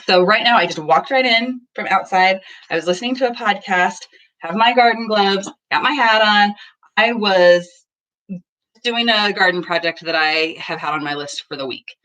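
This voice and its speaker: A woman's voice: mid-range voice, normal speed, bright, forceful tone. A woman in her thirties talking casually about parenting at home, earnest and acting out small bits of dialogue. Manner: earnest, acts out little dialogues. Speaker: parenting vlogger. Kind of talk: casual talk to camera. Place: home, just in from the garden.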